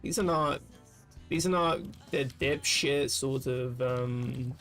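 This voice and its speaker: A man's voice: mid-range voice, takes it slowly, a bit bright, faint music behind. A man streaming while gaming, thinking aloud in loose, rambling casual chat with frequent swearing. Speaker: livestreamer.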